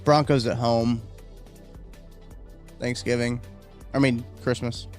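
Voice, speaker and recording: A man's voice: mid-range voice, flat delivery, slow pace, a little mellow, faint music behind. A man hosting a live stream, chatting casually and rambling through viewer comments. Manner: rambling, chatty, reacts to chat, yawning. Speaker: livestream host.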